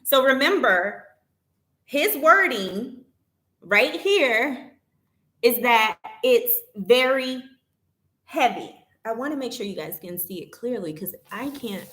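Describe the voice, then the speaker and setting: A woman vlogger talking casually to her viewers, retelling a complaint with animated indignation. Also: a little high, takes it slowly, echoey room. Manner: animated, indignant retelling, reads chat aloud.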